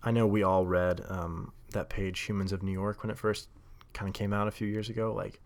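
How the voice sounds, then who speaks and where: A man with a somewhat low voice talks through a casual solo monologue. He rambles, stacks up fillers and restarts, and laughs at himself along the way. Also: flat delivery, fairly quick. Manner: rambling, lots of likes and self-corrections, laughs often. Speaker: podcast host.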